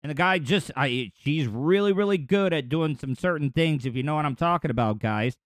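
A man's voice: on the high side, animated, normal speed, no room sound, studio quality. A man hosting a podcast, riffing in rambling, crude jokes over news clips. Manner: rambling, crude joking asides. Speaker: podcast host. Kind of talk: casual comedic commentary over news clips.

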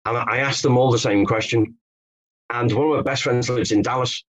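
A man's voice: mid-range voice, fairly even intonation, fairly quick, a bit bright, poor audio. A man from England, a guest author telling stories in an interview, hesitant with many restarts. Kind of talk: conversational interview.

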